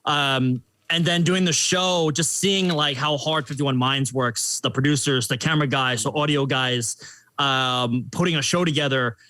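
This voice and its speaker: A man's voice: medium pitch, unhurried, pushed and bright, no echo. A young man, a guest on a podcast, chatting casually in a rambling, jokey way with many fillers. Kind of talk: casual chat.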